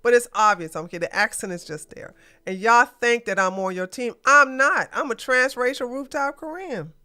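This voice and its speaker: A woman host rants bluntly through a casual political livestream, full of slang. Her voice sits a bit high, sharp and forceful, smooth and crisp. Faint music plays underneath. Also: normal speed. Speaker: podcast host.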